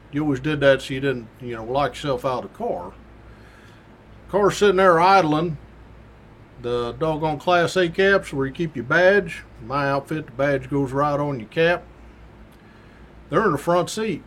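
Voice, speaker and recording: Man, ex-trooper, casual storytelling, folksy slang, slightly high voice, faint background noise. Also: normal speed. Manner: folksy, colorful, down-home slang. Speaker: former state trooper telling a story.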